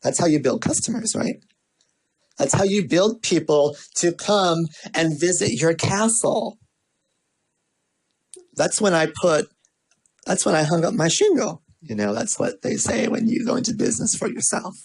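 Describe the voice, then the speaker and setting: A man with a fairly high voice delivers a motivational marketing talk. He tells stories, repeats his points for emphasis and throws in playful asides. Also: a little slow, gravelly, breathy edge, poor audio. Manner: lively, repetitive, storytelling delivery with playful asides. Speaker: marketing speaker.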